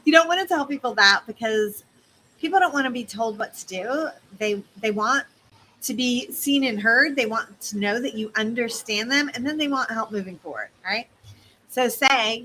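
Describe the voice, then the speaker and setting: A woman business coach teaching in a casual, animated way, speaking straight to her listeners. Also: a little high, normal speed, a little hiss or hum, low-quality recording.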